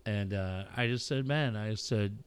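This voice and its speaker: A middle-aged podcast host shares personal stories in casual conversation, candid and reflective, swearing freely. His voice is lowish, smooth and unhurried, with no room sound.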